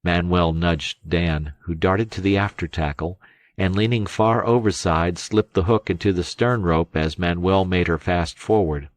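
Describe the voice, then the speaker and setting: A man narrating an adventure novel as an audiobook, in steady, even storytelling. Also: low voice, a little slow, no room sound. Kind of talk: scripted narration.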